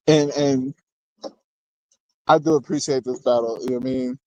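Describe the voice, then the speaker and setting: A man's voice: mid-range voice, fairly even intonation, moderate pace, pauses often, mellow, no room sound, low-quality recording. Man rambling battle rap host, dry sound. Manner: loose and rambling, constantly asking "you know what I mean"; laughs between remarks, jokes with chat. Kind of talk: casual commentary.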